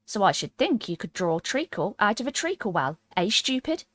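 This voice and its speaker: A woman's voice: mid-range voice, sing-song, normal speed, dry recording. A woman voicing a rude, mocking male hatter who speaks curtly. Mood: snappish. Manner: curt, mocking. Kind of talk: storybook character voice.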